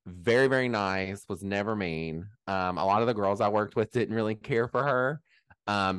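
A man's voice: fairly low pitch, fairly bright tone, clean tone, no room sound. A man guesting on a casual gossip podcast, chatty and sassy, swearing freely.

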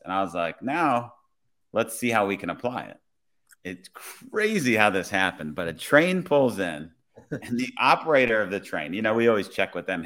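A man, a police officer, telling a work story in a relaxed, conversational way. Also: on the low side, normal speed. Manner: relaxed, conversational, many "I was like" retellings. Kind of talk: casual storytelling.

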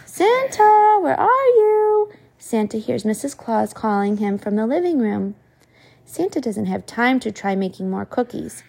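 A woman in her thirties reading a storybook aloud to her children, expressive and stopping to ask them questions. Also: mid-range voice, moderate pace, gravelly. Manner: expressive, asks the kids questions.

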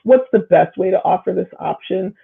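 Over a phone-line-quality recording, a woman with a lowish, husky voice and vocal fry speaks at a moderate pace. She's a guest who serves as a local official and on school staff, casually and thoughtfully working through community issues with frequent fillers and restarts.

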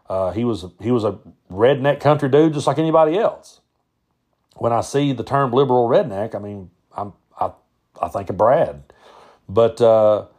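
A middle-aged podcast host from Tennessee, with a Southern accent and a mid-range, slightly mellow voice, tells a personal story. His style is folksy and plainspoken, and he often restarts his sentences.

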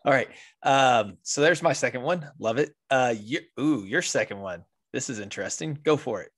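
A man's voice: mid-range voice, moderate pace. Jokey male podcast host. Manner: jokey, laughs at his own jokes. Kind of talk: casual podcast chat.

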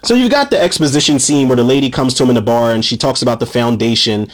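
A man's voice: mid-range voice, fast. A man recapping a horror movie in a casual, profane way, ranting with feeling and calling his listeners "people". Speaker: movie reviewer.

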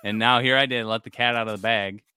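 A man's voice: mid-range voice, fairly even intonation, quick pace, pushed and bright, clear, resonant tone, dry recording, studio quality. A man in his thirties co-hosting a podcast, telling family stories in casual chat and laughing often. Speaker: podcast co-host.

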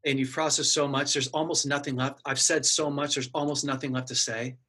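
A husky, middle-aged man speaks in an earnest, candid way, sharing a painful personal story. His voice sits at an ordinary pitch with a breathy edge. He acts out the things he said to himself as he tells it. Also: flat delivery, brisk, bright, forceful tone. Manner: earnest, emotional, acts out his inner dialogue.

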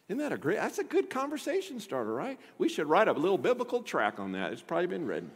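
Animated preacher in a reverberant hall. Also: male voice, high voice, fast talker, few pauses, husky. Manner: animated, swings from loud emphasis to hushed asides. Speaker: pastor. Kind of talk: sermon.

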